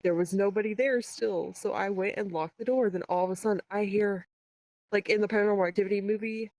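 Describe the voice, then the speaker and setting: A woman guest on a podcast, telling a story in a casual, profane, animated way and quoting dialogue. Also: medium pitch, fairly quick, no room sound, rough recording.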